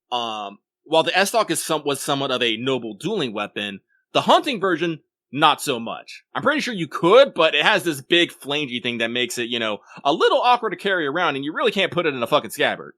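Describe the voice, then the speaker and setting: A man rambles through casual podcast banter, swearing now and then and restarting his sentences. His voice is bright and ringing, and it moves a lot in pitch. The recording is close and dry. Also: sing-song, brisk, no echo. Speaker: podcast co-host. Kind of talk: casual chat.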